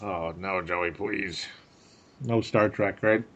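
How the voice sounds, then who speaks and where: A man's voice: low-pitched, slow pace, a crowd in the background. A man co-hosting a podcast in casual sports chat, chatty and laughing often, repeating words for effect. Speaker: podcast co-host. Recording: dull lo-fi audio.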